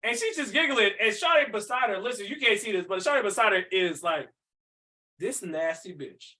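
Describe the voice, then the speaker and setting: A podcast co-host with a high, bright male voice that jumps up and down in pitch. He riffs on the story in loose, crude slang and laughs often. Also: animated, fast talker, far from the mic. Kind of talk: casual podcast banter.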